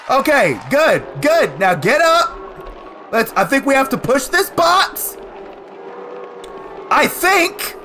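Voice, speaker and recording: A man doing let's play commentary, excitable, cursing and shouting at the game as he plays. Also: very high-pitched. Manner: excitable, swears and yells at the game. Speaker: gaming commentator.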